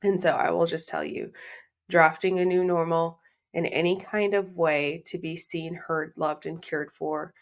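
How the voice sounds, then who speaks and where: A woman's voice: fairly low pitch, steady tone, unhurried. A woman hosting a solo podcast, talking to her listeners in a heartfelt, reflective way and repeating phrases for emphasis. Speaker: podcast host.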